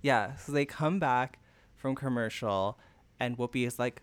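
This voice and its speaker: A man's voice: mid-range voice, measured pace, smooth, no room sound. A man co-hosting a podcast in casual chat, telling the story and acting out quotes with frequent laughs. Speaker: podcast co-host. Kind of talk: casual chat recapping a TV show.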